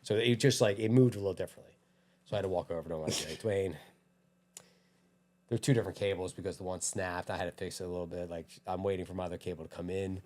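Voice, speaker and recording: Fast-talking man telling a story. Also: low-pitched. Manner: animated anecdote-telling, acts out quotes, laughs often. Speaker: gym owner, podcast guest. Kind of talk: casual storytelling.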